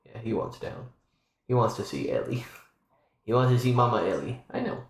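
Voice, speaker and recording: Man, streamer, casual rambling chat, animated pitch, roomy echo, home room. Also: moderate pace. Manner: rambling and chatty, with restarts.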